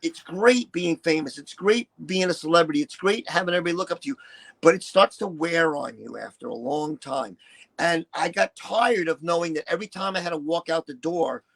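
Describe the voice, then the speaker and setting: A man in his sixties, a retired performer telling candid stories in an interview, profane and animated, acting out what people said. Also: a little high, brisk, gravelly, low-quality recording. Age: 60s. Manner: profane, animated, acts out quotes. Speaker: interview guest, retired shock-rock performer.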